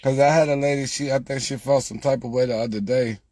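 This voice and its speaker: A man talking casually to viewers about lottery picks, repeating himself and growing exasperated, getting louder when he quotes their questions. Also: mid-range voice, steady tone, quick pace, no echo. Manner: repetitive, exasperated, rises when quoting viewers. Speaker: lottery tips creator.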